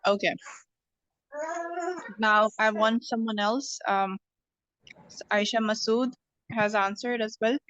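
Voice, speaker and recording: A woman's voice: medium pitch, flat delivery, takes it slowly, pauses often, fairly bright tone, no room sound, dull audio. A woman teaching an online English class, explaining patiently and checking in with "okay".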